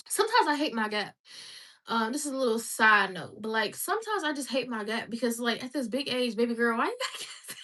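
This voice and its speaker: Woman in her twenties, rambling livestream host, higher voice with a sharp edge, laughs a lot. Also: very animated, moderate pace. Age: 20s. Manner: chatty, rambling, laughs often. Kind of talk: casual livestream chat.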